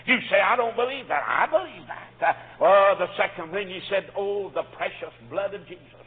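A man preaching a sermon, fervent and swinging between quiet storytelling and shouts. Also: high-pitched, breathy edge. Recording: phone-like audio with long hall reverb.

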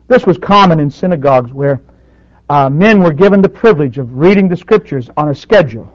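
A man preaching a sermon, surging loud on his points and dropping to near quiet, with dynamic swings in force. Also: a little high, animated, fairly quick, no room sound. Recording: dull dry lo-fi recording.

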